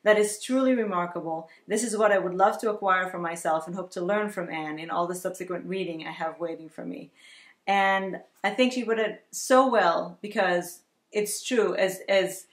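A woman's voice: fairly low pitch, moderate pace. A woman co-hosting a vlog, chatting enthusiastically and reading viewer comments aloud. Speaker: vlog co-host. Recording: echoey room.

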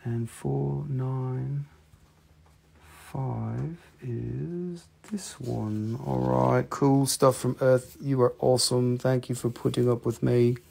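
A man's voice: mid-range voice, fairly even intonation, slow, gravelly, a little mellow, slightly rough. A man hosting a live-stream rock and mineral sale, talking casually into a handheld phone, joking, teasing viewers and swearing freely.

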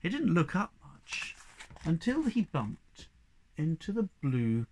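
A man narrating a children's storybook in an expressive, animated way. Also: on the high side, slow. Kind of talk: storybook reading.

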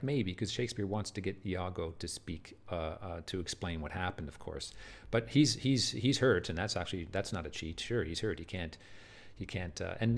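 Brief: male literature teacher, lowish voice, earnest lecture style, repeats himself for emphasis. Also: gravelly. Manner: earnest and emphatic, repeats words and asks "do you see?". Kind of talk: video lecture walkthrough of a play.

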